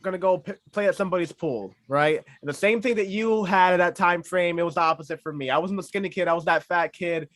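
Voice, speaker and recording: Man, podcast host, casual chat, rambling storyteller, quick delivery, higher voice. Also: fairly bright tone.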